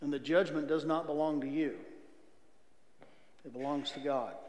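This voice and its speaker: An earnest middle-aged man shares his testimony from a church pulpit, with a slightly high voice. He swings between loud outbursts and near whispers, and his words ring out in a roomy sanctuary with a long reverb. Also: fairly even intonation, moderate pace. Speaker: guest speaker giving testimony. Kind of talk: testimony sermon. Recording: echoey church hall reverb.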